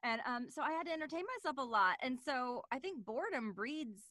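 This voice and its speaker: Bright, excitable woman voice actress. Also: high voice, a little fast, no echo. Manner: excitable, animated, laughing often. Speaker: guest, voice actress. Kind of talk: casual interview chat.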